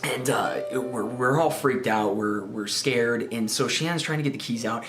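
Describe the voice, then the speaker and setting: Recounting a story from his childhood, this twenty-something Spokane man rambles casually, repeats words, and keeps checking in with "right?" He talks at a moderate pace in a medium-pitched voice, in a roomy recording with faint guitar music behind him.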